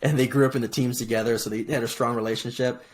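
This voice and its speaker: A middle-aged man from Hawaii, a podcast guest telling his story in casual, lively chat, often restarting phrases. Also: mid-range voice, quick pace, a little hiss or hum. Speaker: podcast guest, military veteran.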